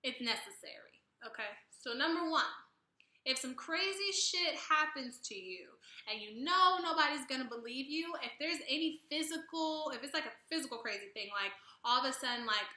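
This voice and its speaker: A woman's voice: sits high, moderate pace. A young woman vlogger casually recapping a show, chatty and profane, leaning hard on "like" as she talks. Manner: chatty, profane, animated retelling with filler "like". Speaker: YouTube reaction vlogger. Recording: echoey room.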